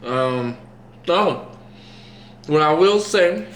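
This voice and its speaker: Slow-talking, rambling young man. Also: a little high, expressive, slight background noise. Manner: rambling, self-mocking, loses his train of thought. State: woozy after eye dilation. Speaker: vlogger. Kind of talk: rambling casual chat to camera. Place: indoors at home, eating. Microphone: camera mic. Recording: roomy echo, faint clatter of dishes.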